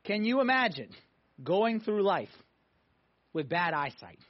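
A man preaching a sermon to a congregation, emphatic, swinging between loud pushes and hushed moments. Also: high-pitched, very animated, measured pace. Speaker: pastor. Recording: dull lo-fi sound.

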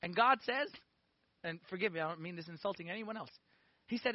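A man in his forties giving a lively personal testimony in a sermon, peppering it with "okay?" and "like". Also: high-pitched, fairly quick, no echo, lo-fi sound. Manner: animated storytelling with frequent "okay?" and "like".

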